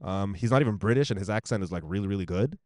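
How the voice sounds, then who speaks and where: Profane, animated male podcast co-host. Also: lowish voice, racing, dry recording, clean studio sound. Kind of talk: casual chat.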